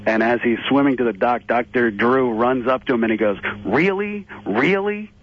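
A man's voice: mid-range voice, steady tone, brisk, muffled recording, a little hiss or hum. A man in his thirties calling into a talk show, rambling hesitantly with many fillers. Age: 30s. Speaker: caller. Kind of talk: call-in question.

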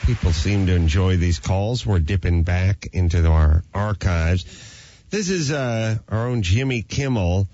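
A man hosting a talk show, chatting dryly with filler pauses. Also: low voice, expressive, mellow, muffled recording. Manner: dry, self-mocking, with filler pauses. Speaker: radio host. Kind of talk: casual chat.

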